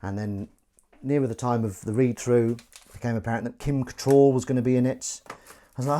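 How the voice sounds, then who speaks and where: A man's voice: mid-range voice, fairly even intonation, a little fast, warm tone. A man, an actor, chatting loosely and self-deprecatingly to live-stream viewers while he does the washing up in his kitchen. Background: faint running water and dish clatter.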